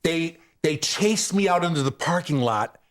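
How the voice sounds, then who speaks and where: A male comedian tells a story with a pitch that leaps all over the place, sitting a touch higher than most men. He slips into the voices of the people he describes and throws himself into the telling. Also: moderate pace. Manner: animated, acts out the people in his stories. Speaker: stand-up comedian, guest.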